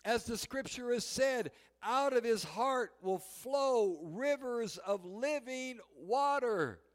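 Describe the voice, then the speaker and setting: High-voiced preacher in a reverberant hall. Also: male voice. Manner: animated storytelling, shouting quoted cries. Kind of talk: sermon.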